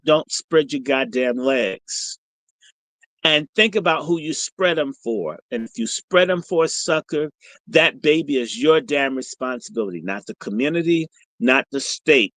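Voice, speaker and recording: On a livestream, this middle-aged podcast host tells a story in an animated, combative, profane and provocative way. His pitch is medium; the audio is poor but free of echo.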